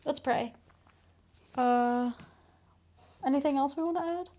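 A woman's voice: high voice, unhurried, warm tone. A young woman co-hosting a podcast, telling a dramatic, gossipy story in casual chat and swearing freely. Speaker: podcast co-host.

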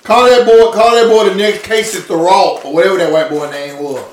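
A man's voice: high voice, fairly even intonation, brisk. A man bantering about college football, insistent and heated, repeating his questions. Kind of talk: casual sports banter. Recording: echoey room with faint noise.

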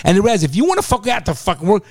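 A man's voice: high-pitched, big pitch swings, rapid-fire, no room sound, clean studio sound. A middle-aged man co-hosting a podcast, ranting with constant swearing and exasperation. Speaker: podcast co-host. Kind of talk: casual podcast chat.

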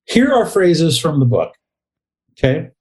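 A man's voice: fairly high pitch, big pitch swings, unhurried, darkish tone. Rambling middle-aged man talking books. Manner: rambling, restarts sentences, reads passages aloud. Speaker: podcast co-host. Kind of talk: casual book discussion.

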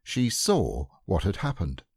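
A man narrating a classic children's book in a gentle, unhurried storytelling manner. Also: low-pitched, wildly swooping pitch, gravelly, husky, dry recording, clean studio sound. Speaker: audiobook narrator.

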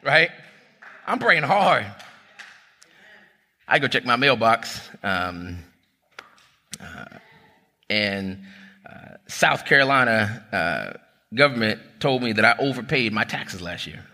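A man, a pastor preaching a sermon, telling a personal story in a lively, conversational way and calling the crowd "y'all". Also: mid-range voice, slow, pauses often, in a large hall.

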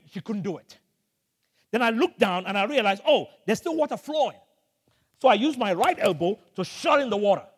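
Animated older preacher, high-pitched, echoey. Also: male voice, husky. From Nigeria. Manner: animated storytelling, shouting at dramatic moments. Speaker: pastor. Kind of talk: sermon. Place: church hall.

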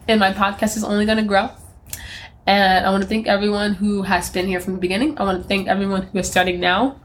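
A woman's voice: mid-range voice, flat delivery, fast talker, a little hiss or hum. A young woman hosting her own podcast, chatting casually on her own in a rambling, self-mocking way with frequent laughs. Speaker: podcast host. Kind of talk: casual solo podcast chat.

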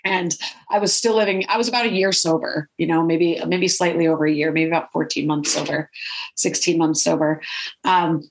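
A woman podcast host telling a personal story in a lively, animated way, often laughing and checking in with "right?". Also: deep voice, moderate pace, poor audio. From California. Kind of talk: storytelling monologue.

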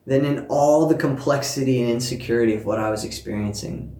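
A man preaching a sermon, telling a personal story with warmth and earnest emphasis, speaking to listeners at home. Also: mid-range voice, flat delivery, fairly quick, vocal fry, hardly any pauses, roomy sound. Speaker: pastor.

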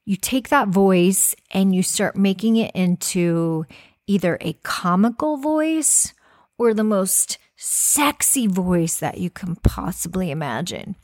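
A woman's voice: mid-range voice, animated, takes it slowly, darkish tone. Chatty encouraging woman podcast host. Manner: chatty, encouraging, restarts a lot. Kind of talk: casual monologue.

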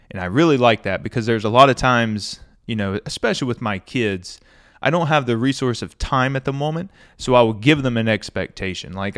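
Fairly quick and mid-range, a male podcast host gives a laid-back review of a classic book, full of everyday fillers like "you know" and "stuff like that." The clean studio sound has no room ambience.

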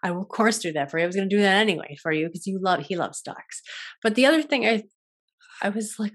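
A young adult woman talks alone as host of a wellness show, gentle and contemplative. She lingers over her thoughts and restarts her phrases often. Her pitch sits in a middle range for a woman. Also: expressive, fast. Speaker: yoga and wellness podcast host. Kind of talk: reflective solo talk.

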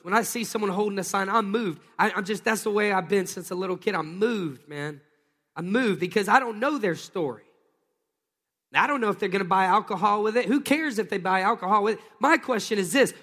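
A man, preaching a sermon in a folksy storytelling way that rises into excited bursts. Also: high voice. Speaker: pastor. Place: church sanctuary. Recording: long hall reverb.

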